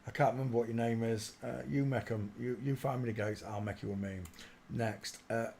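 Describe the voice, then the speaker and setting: A man hosting a casual livestream, commenting while he searches through images, often muttering quietly to himself and breaking into loud laughing outbursts. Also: mid-range voice, fairly even intonation, a little fast, gravelly, slight background noise. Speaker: livestream host.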